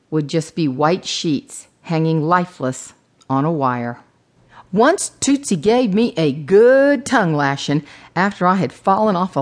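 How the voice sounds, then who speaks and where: A woman narrating her own memoir audiobook, humorous with playful emphasis. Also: deep voice.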